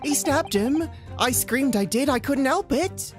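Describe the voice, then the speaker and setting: A woman's voice: sits high, animated, a little slow. A woman voicing a nervous male witness, a hat-maker, in a put-on British accent and stammering. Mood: flustered. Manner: stammering, flustered. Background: game music.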